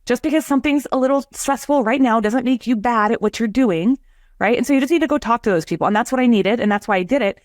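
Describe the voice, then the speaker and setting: A woman's voice: fairly high pitch, fast talker, dry recording. Real estate lady chatting on a live show, tells stories and acts out what people said, dry sound. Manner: chatty storytelling with laughs and acted-out quotes. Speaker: real estate agent, podcast host. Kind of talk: casual livestream chat.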